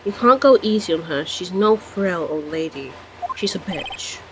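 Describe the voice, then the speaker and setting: A man's voice: high-pitched, expressive, moderate pace, noisy background. A man voicing a nosy, bossy old woman security guard as he reads game dialogue aloud, in a scolding, theatrical manner.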